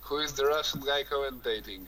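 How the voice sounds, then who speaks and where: A man's voice: medium pitch, fairly quick, sharp tone, low-quality recording. A man co-commentating a live strategy game, trading teasing jokes with the other hosts. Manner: joking, teasing banter.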